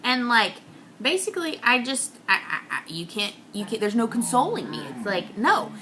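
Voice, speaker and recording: A young woman rants through a confessional comic monologue, mocking herself as she goes. Her voice is bright and tense. It swings from hushed whispers to high outbursts, over a faint background hiss. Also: sing-song, normal speed.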